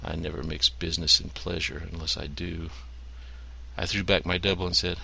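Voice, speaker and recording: A man reads short stories aloud in a dry, deadpan storyteller's manner. His voice sits very low and is heavily gravelly, with a bright, forceful edge. A faint hiss of background noise runs underneath. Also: normal speed, low-quality recording. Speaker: story reader.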